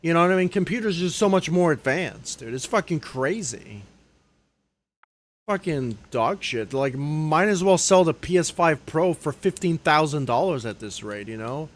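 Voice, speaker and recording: A young man livestreaming, ranting in anger and swearing a lot, often dropping low and quiet on a trailing "dude". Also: lively intonation, moderate pace. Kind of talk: live stream rant. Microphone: desk microphone.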